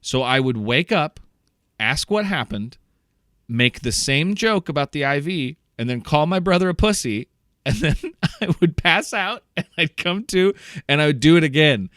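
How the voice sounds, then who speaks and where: A young man co-hosting a podcast, telling a story in a lively way, acting out the voices of the people in it and laughing often. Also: fairly high pitch, moderate pace, no echo, studio quality. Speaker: podcast co-host. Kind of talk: casual storytelling chat.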